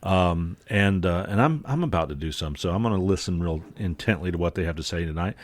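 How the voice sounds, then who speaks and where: A man's voice: low-pitched, lively intonation, brisk, no room sound. Folksy man hosting a podcast. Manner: folksy, joking, many fillers. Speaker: podcast host. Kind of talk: casual podcast chat.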